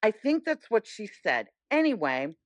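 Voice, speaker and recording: A middle-aged woman telling a story as a podcast guest in casual chat, animated and acting out the voices she quotes. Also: mid-range voice, unhurried, dry recording.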